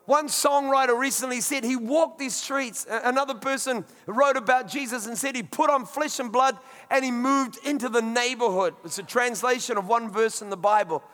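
A pastor preaching a sermon in a conversational, emphatic way, with friendly asides. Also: male voice, very high-pitched, moderate pace, hardly any pauses, a bit bright, in a large hall.

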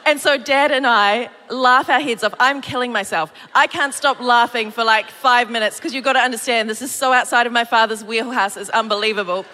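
A woman preaching a sermon, telling a personal story in an animated way and acting out the voices she quotes. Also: on the high side, a little fast. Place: church hall. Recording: reverberant hall.

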